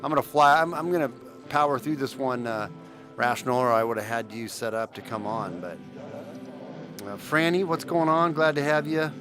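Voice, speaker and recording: A man's voice: mid-range voice, lively intonation, normal speed, music in the background. A man hosting a casual livestream, talking with viewers in a rambling way with many restarts. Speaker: livestream host.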